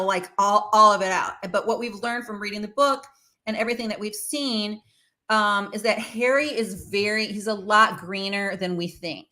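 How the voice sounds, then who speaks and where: A woman talks through the news in a casual, opinionated way, pausing on fillers as she goes. Her voice is bright and forward. It sits at an ordinary middle pitch for a woman. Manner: chatty and opinionated, with many fillers. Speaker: host. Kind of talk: casual commentary on celebrity news.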